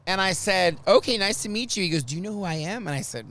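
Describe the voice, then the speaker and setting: A man hosting a podcast in casual chat, an animated storyteller who acts out quotes loudly. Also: on the high side, a little fast, creaky, a little hiss or hum. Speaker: podcast host.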